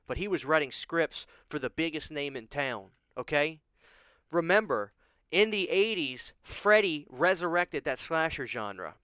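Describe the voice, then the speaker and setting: Male horror vlogger, impassioned and pleading, crisp voice a bit on the high side. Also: pushed and bright, no echo. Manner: emotional, pleading, repeats "okay?". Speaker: horror channel host. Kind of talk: impassioned vlog rant. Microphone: studio microphone.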